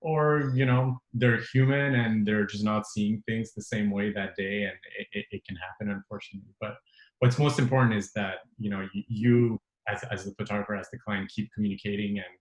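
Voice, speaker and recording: A man hosting a webinar round table, calmly explaining over a video call. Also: on the low side, brisk. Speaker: host. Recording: echoey room.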